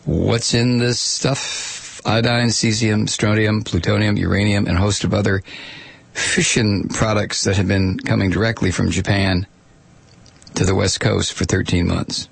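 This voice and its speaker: A man's voice: fairly low pitch, little pitch movement, a little slow, vocal fry, husky. A man giving an informal spoken commentary, wry and sardonic, with offhand asides.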